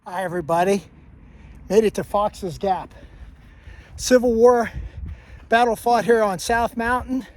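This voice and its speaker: Guy with a high voice vlogging outside on a hike, rambly history talk, restarts a lot. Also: steady tone, unhurried, long pauses, no room sound. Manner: rambling, self-correcting storyteller. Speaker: hiking vlogger. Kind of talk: casual walking history talk. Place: outdoors on a mountain trail.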